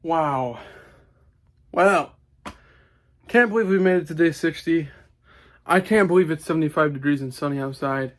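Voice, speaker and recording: A man's voice: fairly high pitch, moderate pace, pauses often. A young man talking casually to his camera while outdoors on a sunny spring day, chatty and upbeat. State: out of breath. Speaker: vlogger.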